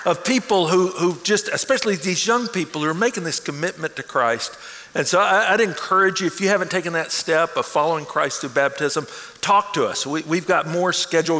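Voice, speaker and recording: A man's voice: on the high side, pushed and bright. A man preaching a sermon to his church with energy, often stumbling and restarting his words. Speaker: pastor. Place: large church auditorium. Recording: long hall reverb.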